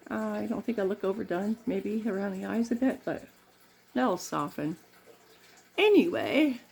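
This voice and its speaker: A woman's voice: mid-range voice, animated, a little slow, creaky, darkish tone, husky. A middle-aged woman from Canada chatting in a rambling way while doing her makeup, laughing often. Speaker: makeup vlogger.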